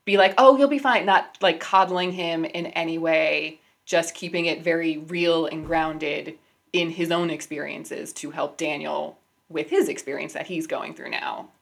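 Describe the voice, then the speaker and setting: Lower-voiced woman in relaxed chat. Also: a little slow, vocal fry. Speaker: podcast co-host. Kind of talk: casual book-club chat.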